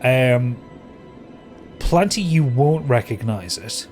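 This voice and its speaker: A man's voice: medium pitch, animated, slow pace, darkish tone, soft background music. Hesitant male game master. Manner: descriptive, hesitant, many ums and kind ofs. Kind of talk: narrating a tabletop game.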